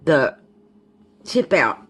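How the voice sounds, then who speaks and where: This crafter, a woman with a Southern accent, speaks extremely slowly amid slight background noise. She's making a journal at home, casually thinking out loud and wandering into side comments.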